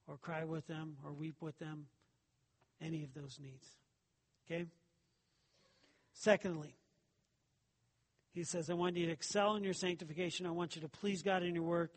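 A man's voice: a little high, fairly even intonation, normal speed, pauses often, breathy edge, long reverb tail. A man preaching a sermon as pastor, talking it through with the congregation and asking rhetorical questions.

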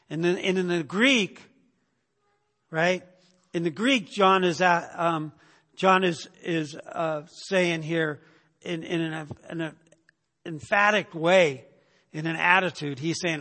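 A man's voice: on the high side, measured pace, sharp tone, big-room sound. A man teaching a sermon in a conversational way, often stopping to ask "right?" and repeating words as he goes. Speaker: preacher.

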